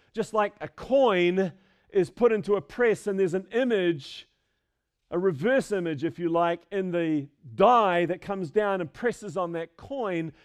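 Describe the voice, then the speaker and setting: A man's voice: high-pitched, darkish tone, smooth. A man preaching an expository sermon in a church, stressing key phrases and repeating them for emphasis. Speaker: pastor. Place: church sanctuary with a screen.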